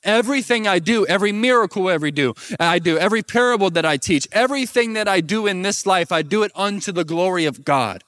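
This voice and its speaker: A man's voice: high voice, animated, fast talker, few pauses, a bit bright, no echo, studio quality. A young man preaching a sermon and asking the crowd to repeat words back. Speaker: pastor.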